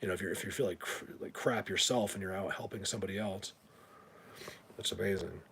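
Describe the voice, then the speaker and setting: A man's voice: low voice, brisk, vocal fry, a bit bright, slight background noise. A man hosting a casual livestream, rambling and stammering as he thanks viewers, bothered by a whistling ringing in his ears. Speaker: livestream host.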